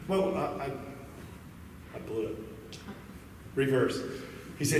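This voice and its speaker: A man's voice: medium pitch, takes it slowly, long pauses, slight background noise. A man giving a conference talk, a folksy storyteller who livens up in his jokes. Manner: folksy storyteller, animated in the joke. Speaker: conference speaker. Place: large conference hall. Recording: echoey hall from far off.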